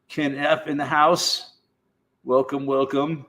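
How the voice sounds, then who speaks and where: The host here is a middle-aged man from the United States whose fairly high, slightly bright voice comes out flat. He rambles through a casual livestream chat, swearing, laughing frequently, and stretching his speech out slowly.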